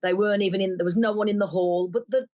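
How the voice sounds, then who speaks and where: A woman, a brass band member telling a story in a lively way and acting out the voices of others. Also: medium pitch, fast. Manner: lively, acts out quoted voices. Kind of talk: animated storytelling.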